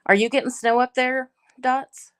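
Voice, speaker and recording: A woman's voice: high voice, fairly even intonation, normal speed, a bit bright, smooth. A middle-aged woman hosting a casual live chat, greeting viewers by name and chatting in a laid-back way. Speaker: livestream host.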